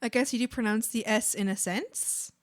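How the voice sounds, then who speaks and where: Chatty woman streamer, slightly high voice. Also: normal speed. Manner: chatty, full of "like" and "um" fillers, self-deprecating; excitable, bursts into giggles. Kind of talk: casual chat with viewers while drawing.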